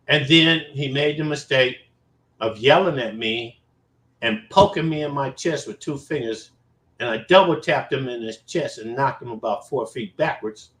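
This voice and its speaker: A man casually telling a personal story to his viewers, animated and profane, with emphatic repetition. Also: mid-range voice, moderate pace. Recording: roomy echo.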